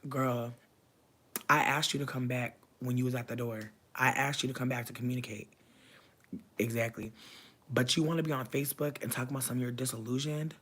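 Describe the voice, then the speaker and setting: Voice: mid-range voice, fairly bright tone, breathy edge. A young adult vlogger telling a story in a casual rant, venting animatedly with heavy slang and cursing.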